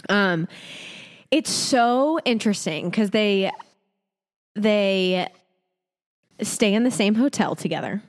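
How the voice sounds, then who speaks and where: A woman's voice: mid-range voice, lively intonation, takes it slowly, pauses often, in a large hall. Chatty, opinionated woman podcast host. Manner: chatty and opinionated, lots of fillers. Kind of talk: casual chat.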